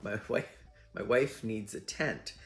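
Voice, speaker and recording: A man's voice: lowish voice, slow pace. A man voicing a tearful, grateful male panhandler who earnestly repeats himself. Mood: hopeful.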